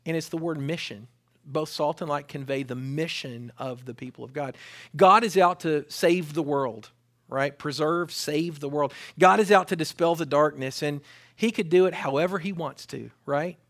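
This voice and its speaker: A man preaching a sermon as pastor, animated, with rising pitch and volume. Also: moderate pace, few pauses.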